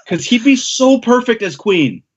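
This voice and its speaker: A man talking casually on a podcast, enthusiastic and quick to laugh. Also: very high-pitched, huge pitch swings, highs cut off, background noise. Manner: enthusiastic, laughs often, acts out lines. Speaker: podcast guest. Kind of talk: casual chat recapping a manga chapter.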